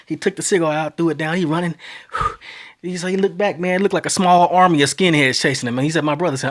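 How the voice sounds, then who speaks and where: A man in his thirties from Texas, hosting a podcast and telling a long story in a casual, animated way, his voice climbing as the tale gets exciting. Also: fairly high pitch, quick pace. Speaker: podcast host.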